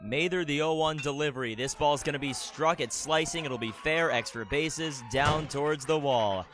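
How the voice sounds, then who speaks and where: A man's voice: fairly high pitch, normal speed, fairly bright tone, faint music behind. A man calling a baseball game play by play, with dry, teasing banter with his partner between the plays. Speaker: play-by-play commentator. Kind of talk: live baseball commentary.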